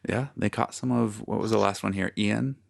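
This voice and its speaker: A man with a very low, gravelly voice co-hosts a relaxed podcast. He talks in a laid-back, joking way and drifts into little tangents. The sound is dry and close, with no room around it. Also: normal speed, no echo. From United States. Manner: laid-back, jokey, goes off on small tangents. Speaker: podcast co-host. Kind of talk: casual chat. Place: lives in Calgary, Canada.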